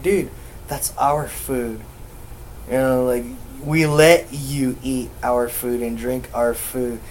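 Swearing rambling guy telling a ghost story on a chill podcast, middle pitch, light background hiss. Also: low-quality recording. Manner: profane, rambling, acts out quotes loudly. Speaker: podcast co-host. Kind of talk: casual storytelling chat.

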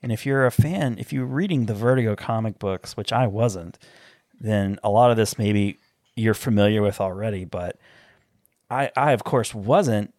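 Low-voiced man gushing about a film. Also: moderate pace, a little mellow, no room sound, studio quality. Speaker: podcast co-host. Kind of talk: casual film chat.

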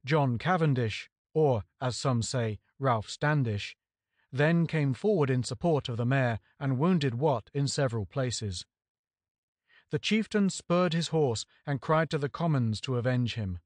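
A man reading a history book aloud in a measured, even audiobook narration. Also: mid-range voice, dry recording. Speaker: audiobook reader.

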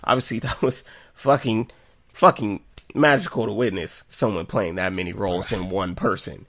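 A man's voice: on the low side, moderate pace, dry recording, clean studio sound. Laughing, profane young man chatting. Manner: profane, animated, laughs often. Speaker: podcast co-host. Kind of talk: casual chat.

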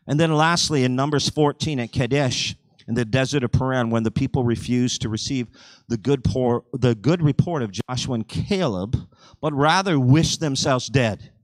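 A male pastor delivering a sermon, swinging between loud, driving surges and quiet, conversational asides. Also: mid-range voice, a little slow, dry recording, rough recording. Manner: animated preaching with sudden surges and drops in volume.

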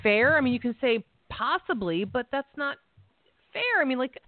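A woman's voice: high voice, lively intonation, moderate pace, no echo. A woman guest in a casual conversation, talking at length with lots of fillers and sounding openly incredulous. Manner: talkative, incredulous, many fillers. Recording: tinny phone-line audio.

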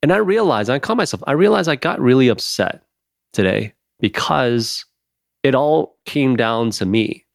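A man hosts a podcast in casual chat, animated, laughing often and swearing freely. His medium-pitched voice is gravelly and moves at normal speed. The recording is studio quality, with no echo.

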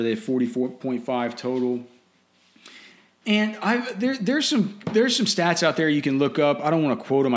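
A man giving casual fantasy football and betting commentary in a blunt, opinionated way, often restarting and repeating words. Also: medium pitch.

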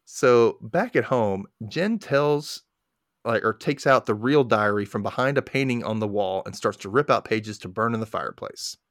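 A man hosting a podcast, recapping a movie plot in casual chat as an animated storyteller with sarcastic asides. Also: lowish voice, moderate pace, no echo, clean studio sound. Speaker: podcast host.

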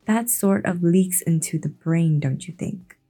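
A woman reading the lines of a stern, snapping young woman in a storybook, in a low, mellow voice. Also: a little slow, breathy edge, soft background music. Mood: curt. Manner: curt, snapping.

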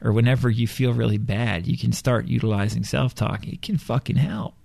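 Gravelly, blunt and profane man. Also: mid-range voice, normal speed, darkish tone, no room sound. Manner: blunt, profane, irreverent and emphatic. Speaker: self-help teacher. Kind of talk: motivational monologue.

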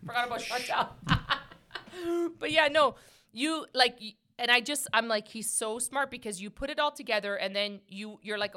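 Woman podcast host, bright lively voice, chatty, jumps in a lot. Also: on the high side. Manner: animated, talks fast with quick quoted asides. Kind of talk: casual chat.

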